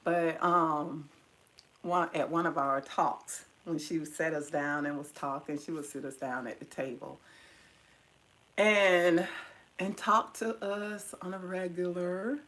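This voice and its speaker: A woman's voice: on the low side, takes it slowly, fairly bright tone, low-quality recording. A middle-aged woman tenderly reminiscing about her mother to her viewers, at times teary-eyed. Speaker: vlogger. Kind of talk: personal storytelling to viewers.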